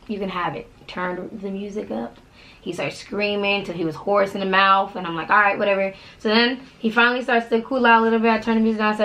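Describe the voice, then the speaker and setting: A woman co-hosting a casual chat show, a mother telling lively stories about parenting and calling herself a yeller. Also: medium pitch, quick pace, rough recording. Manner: animated storytelling, self-described yeller. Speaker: podcast co-host and mother.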